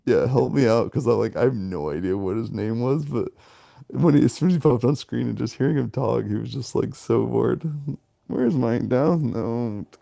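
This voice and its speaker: A man's voice: medium pitch, fairly quick, gravelly, warm tone, no room sound, studio quality. A man co-hosting a movie podcast, chatting casually and rambling, laughing often between his thoughts. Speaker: podcast co-host. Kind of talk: casual movie review chat.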